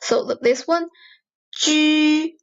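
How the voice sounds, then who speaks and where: High-pitched chinese-accented lady teacher, repeats each sound slowly twice. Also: steady tone, muffled recording. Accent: Mandarin Chinese. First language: Mandarin. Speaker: Mandarin teacher. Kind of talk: slow pronunciation drill lesson.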